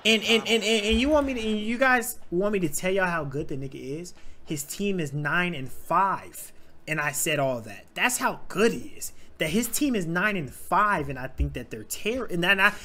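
A man's voice: high voice, moderate pace. A young man hosting a sports reaction video, ranting casually with profanity, stammering restarts and repeated phrases. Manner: animated, repetitive, stammering, profane. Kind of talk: casual rant.

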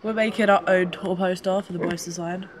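A woman's voice: on the low side, steady tone, brisk, a little hiss or hum. A young woman, a friend joining the vlog and talking in a laid-back, teasing way. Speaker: vlogger's friend. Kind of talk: casual chat.

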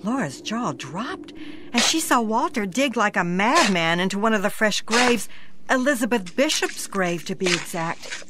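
A woman narrating a scripted ghost story in a dramatic manner, slowing down for suspense. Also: mid-range voice, lively intonation, noisy background.

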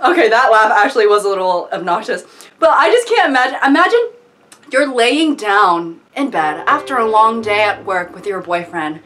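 A woman hosting comedic commentary, animated and mock-outraged. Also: mid-range voice, normal speed. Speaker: video host.

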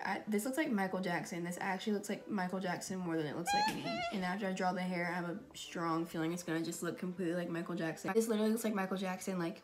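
A woman makeup vlogger talks casually as she sketches, wandering into rambling, self-deprecating asides. Her pitch sits in an ordinary middle range. Music plays clearly in the background. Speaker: makeup YouTuber. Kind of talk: casual vlog chat while drawing.

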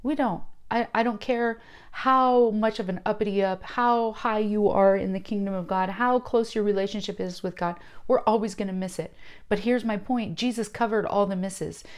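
A woman teaching from the Bible in a relaxed, conversational sermon. She speaks with emphasis and slows right down for the scripture passages she reads out. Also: medium pitch.

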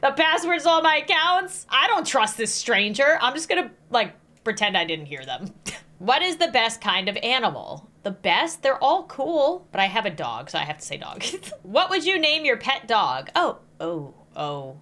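A woman's voice: on the high side, big pitch swings, moderate pace, pushed and bright. A young woman reacting aloud to a creepy quiz game, reading the questions out and laughing nervously. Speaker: gaming YouTuber.

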